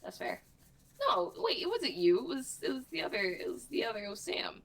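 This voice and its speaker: A woman playing in a tabletop game, chatting casually and joking in quick, self-justifying remarks. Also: sits high, sing-song, gravelly, fairly bright tone. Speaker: player.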